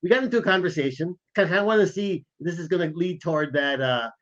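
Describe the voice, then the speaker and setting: A man's voice: a little high, quick pace. A man co-hosting a podcast, telling a travel scam story in a casual, conversational way and acting out the dialogue. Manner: conversational, acts out quoted dialogue. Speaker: podcast co-host, former spy. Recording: dull lo-fi audio.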